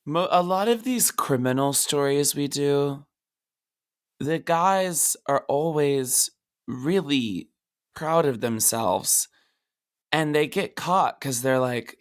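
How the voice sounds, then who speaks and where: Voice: medium pitch, lively intonation, slow. A podcast co-host chatting casually, joking and reacting with amazement. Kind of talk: casual chat.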